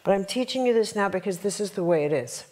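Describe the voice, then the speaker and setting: Brief: woman workshop teacher, mid-pitched, lively storyteller who speaks straight to the room. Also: fast. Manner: animated, storytelling, addresses audience with rhetorical checks. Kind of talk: live workshop talk. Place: workshop room before a live audience.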